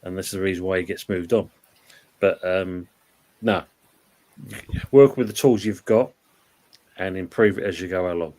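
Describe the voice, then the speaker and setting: A man's voice: low-pitched, moderate pace, long pauses, a little mellow. A man hosting a casual live-stream football chat, rambling along and reading out viewer comments. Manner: chatty, reads out viewer comments. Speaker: host.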